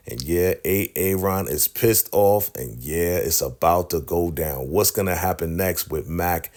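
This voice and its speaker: Deep-voiced man recapping a TV episode. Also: measured pace, hardly any pauses. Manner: animated retelling, frequent "right?" asides. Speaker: TV recap vlogger.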